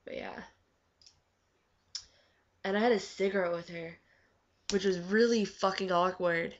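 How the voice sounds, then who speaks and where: A woman's voice: medium pitch, steady tone, normal speed, a little hiss or hum. A teenage girl chatting casually in a vlog, full of "like" fillers and acted-out quotes. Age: teens. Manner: chatty, lots of "like", acts out quoted talk. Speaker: vlogger. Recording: dull lo-fi webcam audio.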